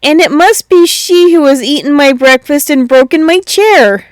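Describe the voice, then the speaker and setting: A woman voicing a tiny male baby bear with a squeaky, high, shrill voice. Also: expressive, normal speed, no echo.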